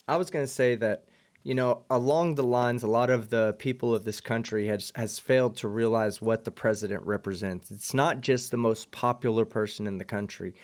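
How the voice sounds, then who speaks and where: A man's voice: medium pitch, steady tone, normal speed, darkish tone. Earnest man talking politics. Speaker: panel guest; military veteran. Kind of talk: casual livestream chat.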